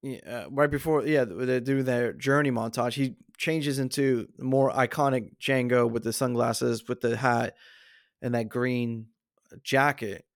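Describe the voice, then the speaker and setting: A man with a gravelly edge to his voice talks through films in a loose, rambling podcast chat. The sound is dry and close, and his pitch sits right in the middle. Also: steady tone, a little slow, no echo. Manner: acts out movie quotes in shifting voices, rambling with fillers. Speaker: podcast co-host. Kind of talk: casual chat about movies.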